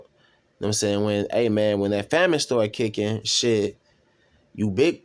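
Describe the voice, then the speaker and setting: A man casually reading and commenting on scripture as a self-styled preacher, rambling and profane, with drawn-out fillers. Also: lowish voice, darkish tone.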